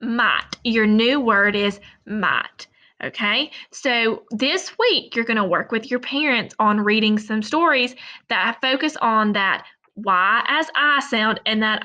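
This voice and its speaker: A woman teacher giving a recorded phonics lesson to young children, sounding out words slowly and deliberately. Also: fairly high pitch, sharp tone.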